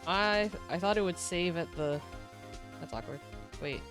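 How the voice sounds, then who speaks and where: A woman's voice: lowish voice, normal speed, a bit bright, faint music behind. A woman streamer chatting casually as she plays, rambling through explanations of the game. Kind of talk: casual gameplay commentary.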